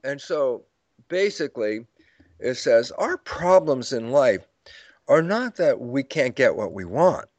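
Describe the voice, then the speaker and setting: A man's voice: mid-range voice, big pitch swings, slow, dry recording, muffled recording. An older man explaining ideas in an interview, acting out his own lecture stories with quoted dialogue and frequent laughs. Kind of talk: storytelling explanation in conversation.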